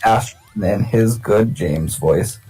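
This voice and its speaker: Brief: very deep husky man relaying chat messages. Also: slow pace, warm tone, soft background music, poor audio. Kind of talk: reading out viewer comments.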